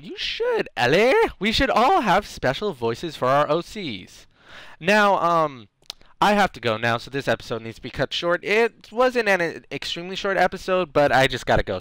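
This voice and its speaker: A man's voice: a little high, a bit bright, clean tone, no echo. A man streaming a game, chatting casually and joking about his own attempts at character voices.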